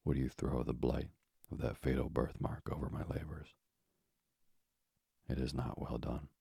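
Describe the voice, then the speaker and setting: A man in whispered role-play voicing an impetuous, devoted scientist husband in a breathy, urgent whisper. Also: very deep voice, steady tone, measured pace, mellow, no room sound, clean studio sound, exaggerated voice. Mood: hushed urgent.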